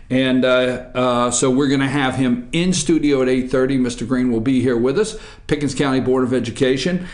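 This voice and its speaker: A man's voice: medium pitch, roomy sound. A man hosting a casual morning opinion show from a studio, rambling and joking irreverently.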